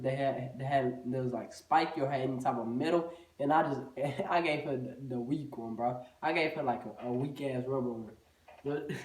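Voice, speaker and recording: A man telling a casual storytime, loose and profane, with "bro" in almost every sentence. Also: fairly high pitch. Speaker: vlogger. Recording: echoey room, voice far from the mic.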